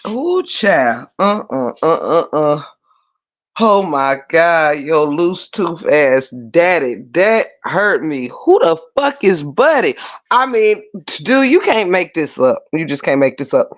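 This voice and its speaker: A woman hosting a channel, chatting casually and telling a story in a lively, vernacular way. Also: sits low, takes it slowly, dull audio. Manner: animated storytelling with Black American vernacular. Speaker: channel host. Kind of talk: casual reaction commentary.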